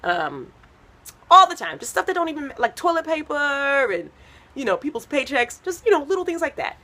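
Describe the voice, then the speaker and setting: Lively, bright-voiced woman comedian. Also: fairly high pitch. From United States, Haitian American family. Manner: chatty, rambling storytelling with many fillers. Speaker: stand-up comedian. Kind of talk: stand-up comedy set.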